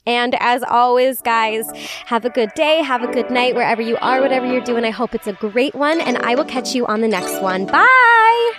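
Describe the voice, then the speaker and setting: A woman's voice: fairly high pitch, a little fast, over music. A woman hosting a casual podcast, bubbly and gushing, saying "like" a lot. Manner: bubbly, gushing, heavy use of "like". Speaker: podcast host.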